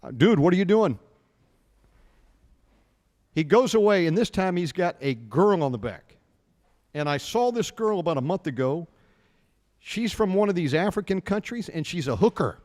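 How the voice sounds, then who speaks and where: A man's voice: high voice, normal speed, long reverb tail. A middle-aged American man hosting a radio show, telling stories in a casual chat and acting out the dialogue. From United States. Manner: animated anecdote teller, acts out dialogue.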